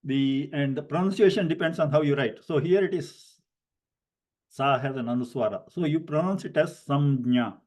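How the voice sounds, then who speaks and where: A man teaching a Sanskrit grammar class online, explaining slowly and deliberately with many fillers and spelling out syllables letter by letter. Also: a little high, a little mellow. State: coughing at times.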